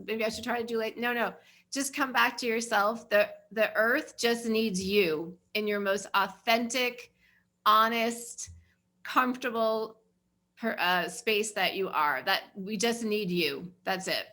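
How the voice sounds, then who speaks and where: A woman co-hosting a spiritual ceremony over a video call. She speaks in a gentle, affirming, encouraging way. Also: medium pitch. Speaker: ceremony co-host. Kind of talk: spiritual group sharing.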